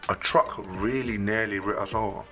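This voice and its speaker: A man's voice: lowish voice, normal speed, faint music behind. A man, a podcast guest, telling stories in casual chat and dropping to a near-whisper for emphasis. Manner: animated storyteller, drops to near-whisper for emphasis.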